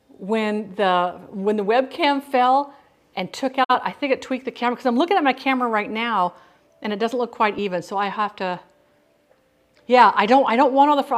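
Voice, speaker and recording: A woman hosting a casual cooking livestream from her home kitchen, chatting with viewers by name and often restarting her sentences. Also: fairly high pitch.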